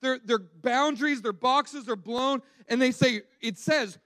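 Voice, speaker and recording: A man's voice: extremely high pitch, slow, hardly any pauses, bright, forceful tone, dry recording. A man preaching a sermon in a conversational, emphatic way, often restarting and repeating words.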